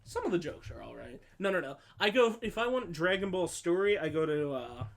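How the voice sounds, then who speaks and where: A man's voice: high voice, sing-song, a little fast, creaky, a bit bright. A man co-hosting a podcast, chatting casually with opinionated asides and frequent swearing. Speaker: podcast co-host. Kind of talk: casual chat.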